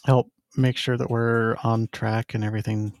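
A man's voice: mid-range voice, little pitch movement, moderate pace, dry recording. A man playing a tabletop game, speaking hesitantly with many fillers. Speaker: player. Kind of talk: casual tabletop game play.

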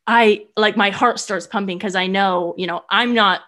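A young adult woman, a guest and solo traveler, telling a story casually in an animated, chatty way full of "like" fillers. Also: mid-range voice, normal speed.

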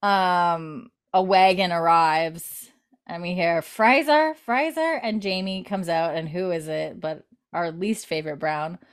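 A woman podcast host recaps a TV episode in casual chat. She talks in a chatty way with lots of fillers, and her voice sits on the lower side. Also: flat delivery, measured pace, clean tone. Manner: chatty, many fillers, retells scenes.

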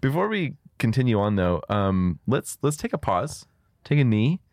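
A man's voice: mid-range voice, very animated, normal speed, a little mellow, no room sound, studio quality. A man co-hosting a podcast in casual chat, joking and laughing often. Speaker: podcast co-host.

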